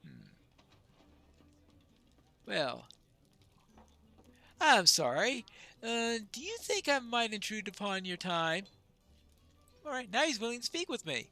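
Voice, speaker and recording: Let's player musing slow and bright, lively pitch. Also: no echo. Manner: musing, thinking aloud. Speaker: game player. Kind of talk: let's-play commentary.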